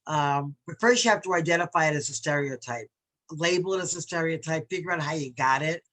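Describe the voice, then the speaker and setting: A woman's voice: deep voice, fairly quick, fairly bright tone. A woman from New York leading a workshop on bias, talking conversationally and reading quotes aloud with emphasis. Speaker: diversity workshop presenter.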